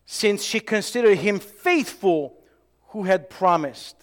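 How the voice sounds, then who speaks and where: A man preaching a sermon in an animated way, acting out dialogue and swinging from loud to hushed. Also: high voice, takes it slowly, long reverb tail. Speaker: pastor.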